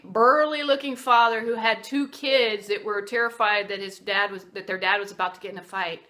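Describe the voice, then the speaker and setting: A woman's voice: medium pitch, bright, forceful tone. A middle-aged woman, a martial arts teacher, telling a motivational story in a casual, conversational way, with fillers and restarts.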